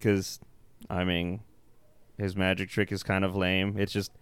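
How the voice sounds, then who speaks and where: A man rambles through a bad movie with his co-host, full of fillers, restarts and casual swearing. His voice is smooth and resonant, recorded close and dry with no room sound. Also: low-pitched, monotone, unhurried, pauses often, no echo. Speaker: podcast co-host. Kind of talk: casual movie review chat.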